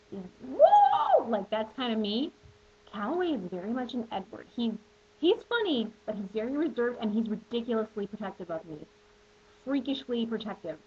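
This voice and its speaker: Young woman vlogger, bubbly, chatty, higher voice, husky edge, dull lo-fi webcam sound. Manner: bubbly and chatty, with playful asides. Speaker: vlogger answering viewer questions. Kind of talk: casual chat to camera.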